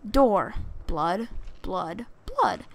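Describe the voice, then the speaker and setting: A woman's voice: mid-range voice, huge pitch swings, drawn-out words, creaky, a little hiss or hum. A woman doing horror game commentary, jumpy and frightened, screaming and talking back to the game. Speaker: let's play gamer.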